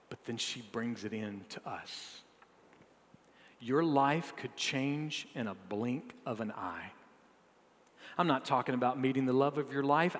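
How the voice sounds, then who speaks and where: A man preaching a sermon, moving from soft, low asides to loud, rising emphasis as he reads a woman's story aloud. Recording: long hall reverb.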